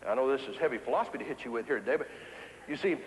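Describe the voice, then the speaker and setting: A man from the Ozarks, giving an animated, folksy keynote speech to an audience in a large hall. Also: mid-range voice, rapid-fire, a little hiss or hum. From Ozarks, USA. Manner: folksy, animated storytelling with repetition for emphasis. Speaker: motivational speaker. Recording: echoey hall with long reverb.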